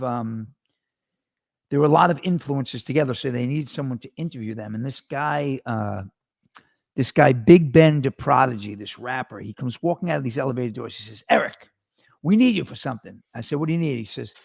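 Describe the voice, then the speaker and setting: Gravelly-voiced man telling rambling stories. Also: medium pitch, dry recording, clean studio sound. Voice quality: gravelly radio voice. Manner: rambling, animated storyteller with restarts. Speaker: talk show host. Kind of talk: casual storytelling chat.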